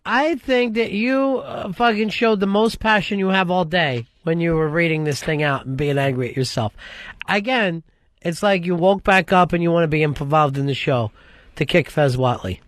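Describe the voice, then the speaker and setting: A male talk radio host pushes and needles in a blunt, profane way. His voice sits a little high for a man. The sound is dry and close into a studio mic. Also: moderate pace, no room sound. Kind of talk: casual talk radio chat.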